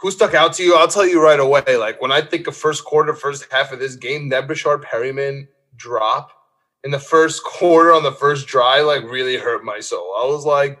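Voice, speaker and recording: A man's voice: mid-range voice, moderate pace, a bit bright. A man with a mid-range voice running a casual sports podcast. He rants with exasperation and leans on "like" again and again. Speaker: podcast host.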